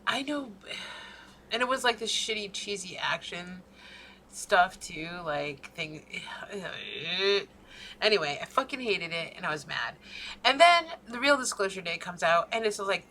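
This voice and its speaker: A woman co-host in loose, casual conversation, with a bright, forceful edge to her voice. She tells her stories as profane, exasperated rants and sits at a middle pitch for a woman. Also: lively intonation, a little slow. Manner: profane, ranting storyteller. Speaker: podcast co-host. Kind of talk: casual chat.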